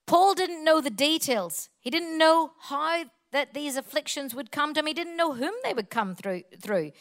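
A woman's voice: high voice, expressive, normal speed, fairly bright tone. A woman preaching a sermon, emphatic and repetitive, building her points in long spoken lists.

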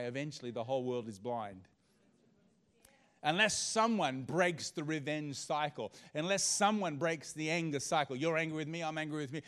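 A man, a pastor telling a personal story in a sermon, swinging from hushed to loud. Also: mid-range voice. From Australia.

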